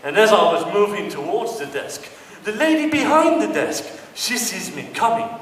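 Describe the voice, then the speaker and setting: A man's voice: sits high, very animated, moderate pace, fairly bright tone, slight background noise. A man from Britain performing a stand-up comedy monologue on a theatre stage, telling his story with mock indignation. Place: theatre stage before an audience. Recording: distant, echoey hall with long reverb.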